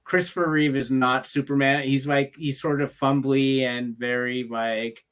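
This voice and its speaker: A man chatting casually about films as co-host, enthusiastic and quick to agree. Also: medium pitch, fairly even intonation, a bit bright, clear, resonant tone. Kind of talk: casual movie chat.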